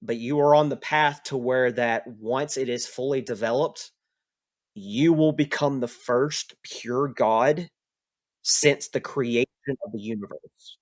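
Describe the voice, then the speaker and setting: A man narrating as the game master of a tabletop role-playing game, speaking in a slow, measured way. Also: medium pitch.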